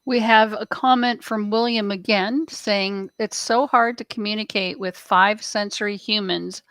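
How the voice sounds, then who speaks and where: Picture a woman on a chat show reading a viewer's comment aloud, plainly and clearly. The sound is dry and close, with no room echo. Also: mid-range voice, fairly even intonation, unhurried, a bit bright.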